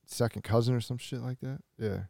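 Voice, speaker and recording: A man's voice: medium pitch, steady tone, brisk, creaky, warm tone, no room sound, studio quality. A young man co-hosting a casual podcast chat, laid-back and slangy. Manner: laid-back, slangy, says bro and dude. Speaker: podcast co-host.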